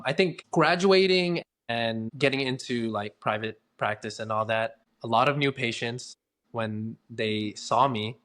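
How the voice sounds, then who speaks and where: A man's voice: medium pitch, a little slow, a bit bright. A talkative, easygoing man, chatting casually as a guest in an interview about his work. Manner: talkative, easygoing, acts out quoted voices. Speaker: guest, dental hygienist.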